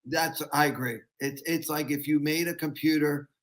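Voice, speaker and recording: A man, a comedian guest, talks on a casual podcast. His voice sits a little high, and he explains things thoughtfully at a measured pace. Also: steady tone, a bit bright.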